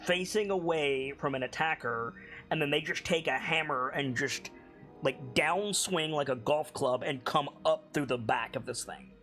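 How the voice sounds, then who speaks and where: A man's voice: fairly high pitch, unhurried, bright, forceful tone, soft background music. A man as game master of a tabletop game, explaining the scene loosely with many fillers.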